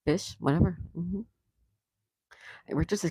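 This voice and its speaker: A woman's voice: sits low, normal speed, a little mellow, no room sound. A woman hosting a casual live stream, chatting and laughing as she greets viewers and answers their comments. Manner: laughs often. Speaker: livestream host. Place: home in Florida.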